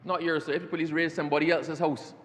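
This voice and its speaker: A man's voice: on the high side, flat delivery, fast talker, a bit bright. Man speaking in a reverberant chamber. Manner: formal, keeps addressing the chair as sir. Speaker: government minister. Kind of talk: parliamentary speech. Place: parliament chamber. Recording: long reverb of a debating chamber.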